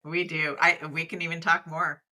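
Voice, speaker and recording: A woman's voice: deep voice, little pitch movement, moderate pace, bright, forceful tone. A woman co-hosting a casual podcast chat, playful and teasing. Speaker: podcast co-host.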